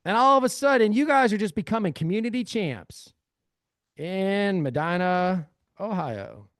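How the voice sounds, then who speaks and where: A man's voice: high voice, expressive, measured pace, a bit bright, no room sound, studio quality. A man leading a live screen-share workshop, talking energetically and calling his audience family. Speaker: real estate AI trainer.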